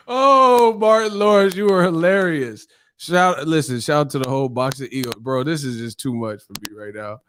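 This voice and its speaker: Animated man with a fairly high voice, chatting on a live stream. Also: moderate pace, smooth. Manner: animated, laughing storyteller. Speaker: boxing channel host. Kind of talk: casual live-stream chat.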